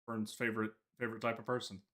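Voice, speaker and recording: A man's voice: fairly low pitch, level tone, fast talker, sharp tone. A man co-hosting a podcast in casual chat, joking and telling anecdotes. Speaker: podcast co-host.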